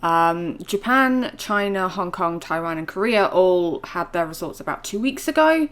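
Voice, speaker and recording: A woman's voice: lowish voice, lively intonation, measured pace, fairly bright tone. A woman chatting casually to her viewers in a vlog, rambling with plenty of fillers. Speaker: vlogger.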